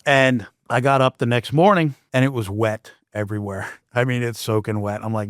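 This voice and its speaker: A man of middle pitch tells a personal story in a lively, casual way. He breaks off and restarts his sentences often and throws in asides. The recording is dry and close, with no room sound. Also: normal speed, dry recording. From Canada. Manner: animated, with frequent restarts and asides. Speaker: podcast host.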